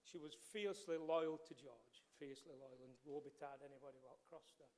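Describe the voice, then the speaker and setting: A man's voice: on the high side, fairly even intonation, brisk. Man, councillor, anecdotal tribute, repeats words, echoey chamber. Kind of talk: tribute speech in a council meeting.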